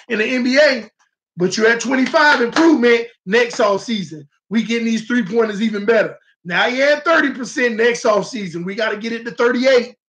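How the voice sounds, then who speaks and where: Man, high voice, sports livestream host, casual, animated, talks to viewers. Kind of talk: casual live-stream sports talk.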